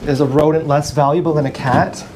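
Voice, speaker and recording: A man telling a meandering, profane story in a halting, casual livestream monologue, recorded on an action camera mic. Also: on the high side, fairly even intonation, very noisy.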